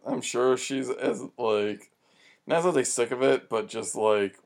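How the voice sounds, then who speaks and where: A man with a gravelly voice chats on a podcast, mid-pitched and unhurried. He talks hesitantly, with many fillers and restarts. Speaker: podcast co-host. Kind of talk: casual chat.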